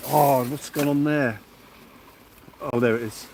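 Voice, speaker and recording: A man's voice: medium pitch, fairly even intonation, takes it slowly, creaky, a little mellow, slight background noise. Effusive man thanking livestream viewers. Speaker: fishing livestream host. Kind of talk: excited livestream chat. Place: outdoors at night by the sea.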